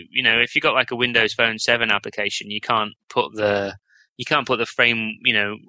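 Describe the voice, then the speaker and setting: A man's voice: medium pitch, sharp tone, no room sound. A man talking as a podcast guest in a casual, enthusiastic way, with lots of restarts and rambling. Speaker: guest developer.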